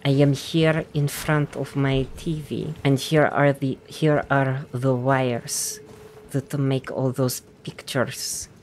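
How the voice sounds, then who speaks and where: A woman doing a put-on Icelandic accent, playing someone proudly showing off her TV in a soft, lilting voice with rolled R's. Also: a bass voice, little pitch movement, slow pace, a little hiss or hum, full character voice. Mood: whimsical.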